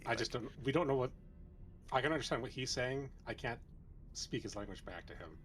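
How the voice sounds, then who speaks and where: A man playing a tabletop game over voice chat, words tumbling out quickly. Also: medium pitch, lively intonation, fairly bright tone, slight background noise. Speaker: player. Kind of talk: casual tabletop play.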